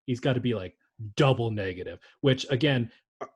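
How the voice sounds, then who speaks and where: Husky-voiced man riffing on sports. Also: medium pitch, animated, a little fast. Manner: rambling, joking, swears freely. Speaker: podcast co-host. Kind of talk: casual sports podcast chat.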